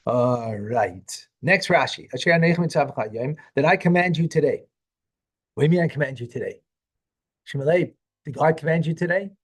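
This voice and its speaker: A rabbi teaching a Torah class reads verses aloud, translates them, and questions a student before explaining. His slightly high voice is animated and breathy, at normal speed with long pauses.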